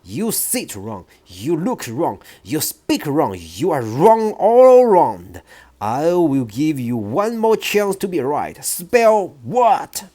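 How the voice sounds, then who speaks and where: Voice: medium pitch, big pitch swings, slow pace. A reader doing a barking, bullying giant headmistress. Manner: barking, scornful shouting. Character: bullying huge headmistress, furious and cruel. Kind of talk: audiobook reading.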